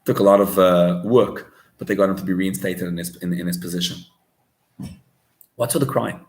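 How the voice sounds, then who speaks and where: A man, a rabbi, preaching a sermon as an animated storyteller who mixes in Hebrew and Yiddish words. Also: low voice, normal speed. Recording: roomy echo.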